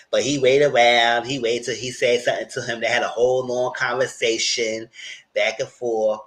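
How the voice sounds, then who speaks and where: A man's voice: mid-range voice, a bit bright. A man hosting a casual live-chat recap of a TV series, chatty and acting out characters' lines. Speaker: channel host recapping a TV series.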